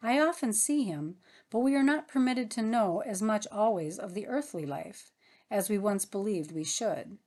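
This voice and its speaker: A woman reading the part of a tender sister who longs for her absent son, in a soft pleading manner. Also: mid-range voice, expressive, normal speed. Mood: yearning. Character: tender longing woman, a departed mother of a son.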